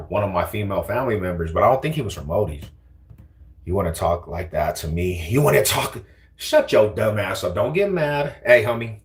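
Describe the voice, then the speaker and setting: A young man trash-talking viewers on a casual livestream from a car, taunting and slangy. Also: sits low.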